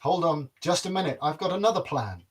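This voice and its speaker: A man playing a brisk princess. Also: a little high, expressive, pitched above the performer's own voice. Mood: reassuring. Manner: briskly reassuring, slightly scolding. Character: brisk, practical young princess wife.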